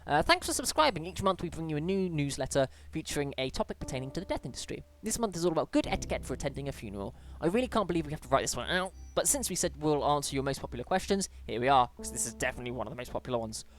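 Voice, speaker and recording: Over faint background music, someone from Britain races through on-screen emails and letters in a casual gameplay video, barely pausing and drifting into chatty asides. The voice stays mid-pitch but lifts on greetings, with occasional stumbles and restarts.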